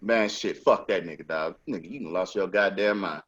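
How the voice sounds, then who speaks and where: Over dull, lo-fi sound, a podcast host with a low, fairly bright voice tells a work story at a brisk clip. The chat is casual, emphatic and profane.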